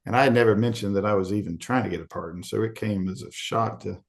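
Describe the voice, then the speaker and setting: A man's voice: fairly low pitch, quick pace, creaky. A middle-aged man from Arkansas, a podcast guest telling a candid story and acting out the quoted voices in it. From Arkansas, USA.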